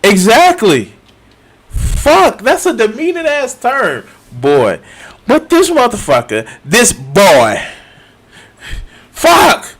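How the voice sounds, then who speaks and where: A man's voice: very high-pitched, wildly swooping pitch, takes it slowly, long pauses, a bit bright. A man in his thirties giving a casual reaction commentary, swearing often, laughing and repeating himself. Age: 30s. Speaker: streamer reacting to a video.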